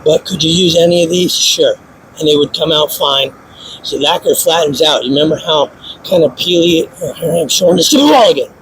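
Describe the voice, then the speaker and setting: A man giving a casual hands-on painting demonstration in a workshop, snarky and self-mocking, with sudden excited outbursts. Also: on the high side, brisk, slight background noise, low-quality recording. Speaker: paint instructor.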